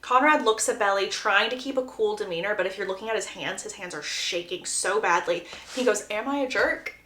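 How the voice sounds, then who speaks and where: A woman doing a casual book recap with animated, gossipy storytelling. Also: medium pitch, fairly quick, roomy sound.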